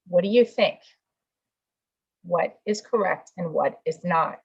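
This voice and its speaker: A woman's voice: lowish voice, animated, measured pace, gravelly, slightly rough. A woman teacher giving an online class lesson over a video call, checking answers aloud and coaxing her students along. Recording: dull lo-fi video call audio.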